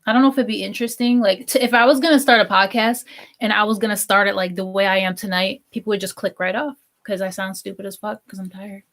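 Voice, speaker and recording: A woman's voice: medium pitch, steady tone, fast, fairly bright tone. A young American woman, tired after work, rambling drowsily on a casual livestream. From United States. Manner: rambling, drowsy, trails off on tangents. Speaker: streamer co-host.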